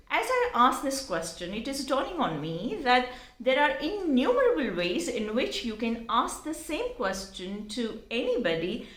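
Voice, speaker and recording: A woman, teaching an online lesson in an expressive style and speaking directly to the viewer. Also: on the high side, roomy sound. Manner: expressive, demonstrates intonation, addresses viewers directly. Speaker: English teacher.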